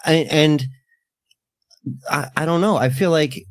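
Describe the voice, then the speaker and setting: A man's voice: fairly high pitch, unhurried, no room sound. Joking, questioning male podcast co-host. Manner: questioning, joking, laughs often. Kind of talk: casual profane commentary.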